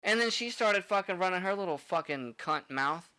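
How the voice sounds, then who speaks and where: Profane young bartender telling stories. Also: male voice, high voice, expressive, moderate pace, sharp tone, smooth, dry recording. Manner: profane, rambling with many "like" fillers. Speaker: podcast co-host, bartender. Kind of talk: casual storytelling chat.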